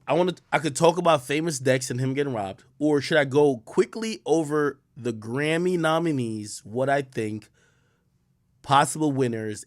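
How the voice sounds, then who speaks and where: Male streamer, casual profane chat, lively pitch swings, dry close sound. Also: no room sound. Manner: loose and profane, reacting to chat, swings loud and quiet.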